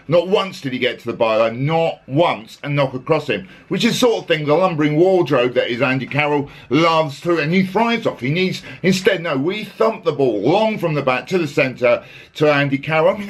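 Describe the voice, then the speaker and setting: A man's voice: fairly high pitch, a bit bright. A man hosting a casual football chat, sarcastic and exasperated, rambling with restarts. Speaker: podcast host.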